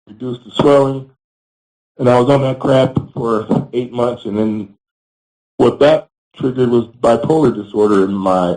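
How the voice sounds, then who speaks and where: A man, a former pro wrestler, giving a candid interview. He speaks bluntly, swears freely, and pauses often on fillers. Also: medium pitch, a little mellow, low-quality recording. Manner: frequent fillers and restarts. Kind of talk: candid storytelling.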